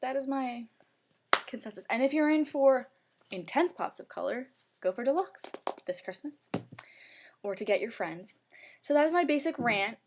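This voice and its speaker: A woman's voice: high-pitched, lively intonation, moderate pace, background noise. Gushing young woman vlogger. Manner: gushing, chatty, heavy use of "like". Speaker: beauty vlogger. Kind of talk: casual makeup review.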